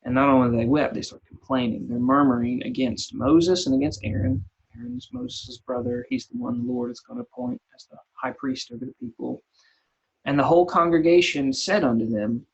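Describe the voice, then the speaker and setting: A man's voice: medium pitch, expressive, normal speed, creaky, breathy edge. A man leading a casual Bible study in a church, retelling scripture in plain, folksy everyday terms. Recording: dull lo-fi recording.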